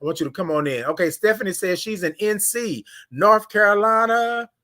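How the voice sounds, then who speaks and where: High-voiced animated male livestream host. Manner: animated, greets viewers by name, drawn-out sung greetings. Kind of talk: casual morning livestream chat.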